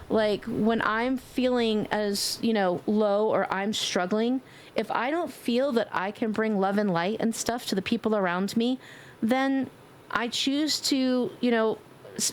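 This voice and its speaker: A woman with a New York accent chatting warmly with viewers on a live stream, giggly and affectionate, calling people sweetie. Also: a little high, a little hiss or hum. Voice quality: warm, affectionate toward chat. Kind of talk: casual live-stream chat.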